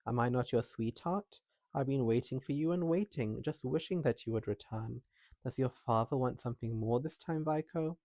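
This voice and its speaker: A man voicing a cheerful little female mouse princess in a storybook reading, talking in a squeaky, eager, gentle way. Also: moderate pace, no room sound, natural voice.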